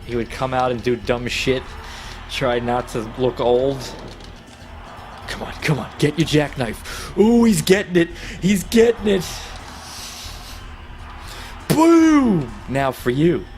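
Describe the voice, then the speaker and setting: A man streaming a wrestling video game, reacting loudly and swearing as he plays. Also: mid-range voice. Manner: excitable, swearing, trash-talking the game. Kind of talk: profane live gameplay commentary.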